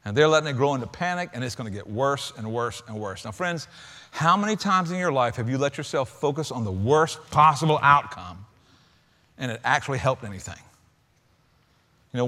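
Male pastor preaching, high pitch, conversational, shifts between loud emphasis and soft low asides. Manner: conversational preaching with sarcastic acted-out quotes. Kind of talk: sermon.

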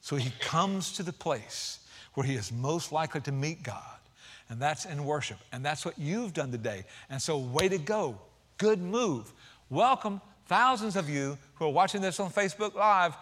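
A man pastor preaching a sermon, energetic and casual, with slang asides to the congregation. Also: fairly high pitch, moderate pace.

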